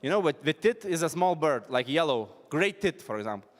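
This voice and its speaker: A man's voice: on the high side, sing-song. Breathless man in an echoing hall. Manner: halting, self-deprecating, non-native phrasing. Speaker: performance artist presenting. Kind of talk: informal spoken presentation. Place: large hall at an arts event.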